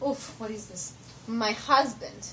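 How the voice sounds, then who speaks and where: A woman's voice: fairly high pitch, slow pace. A young woman putting on a giggly foreign-accented persona in broken English, filmed at home. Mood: playful. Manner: broken grammar with stray "to the", giggly. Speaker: roommate. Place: home room. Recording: noisy home video from a distance.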